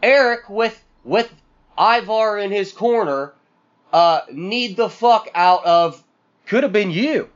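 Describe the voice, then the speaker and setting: A man's voice: sits high, expressive, slow pace, lo-fi sound. A man co-hosting a podcast, venting in a profane, exasperated rant full of sarcastic mock quotes. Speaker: podcast co-host.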